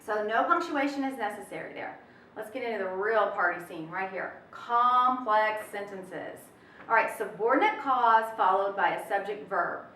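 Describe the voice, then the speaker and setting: A woman's voice: medium pitch, normal speed, a bit bright, a little hiss or hum. A woman teaching a recorded test prep lesson in an upbeat, chatty way with folksy asides. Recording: roomy echo, mic at a distance.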